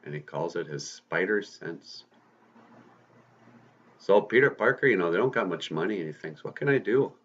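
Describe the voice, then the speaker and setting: A man's voice: low voice, animated, moderate pace, long pauses, fairly bright tone, muffled recording. A man host casually retelling a story in a folksy, conversational way, drawing out words for emphasis.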